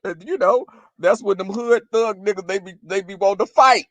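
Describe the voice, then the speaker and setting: High-voiced man ranting in crude storytelling. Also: moderate pace, no echo. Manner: profane, animated, acts out quarrels in a shrill voice. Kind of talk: casual storytelling rant.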